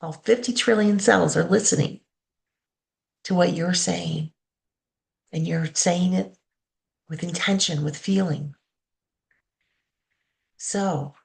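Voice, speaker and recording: A woman reverend giving a sermon, calmly leading the congregation through affirmations and a guided meditation. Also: on the low side, gravelly. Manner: slow, calm, leads call-and-response affirmations.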